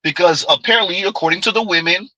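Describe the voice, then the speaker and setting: Bright, sarcastic commentary man. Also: high voice, fast talker, dry recording, rough recording. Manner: sarcastic, talks back to himself. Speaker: commentary host. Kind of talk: reaction commentary.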